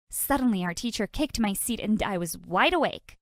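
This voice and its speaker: A woman narrating an animated drama in the first person, lively and exaggerated with comic outbursts. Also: mid-range voice, moderate pace, hardly any pauses, no room sound, studio quality.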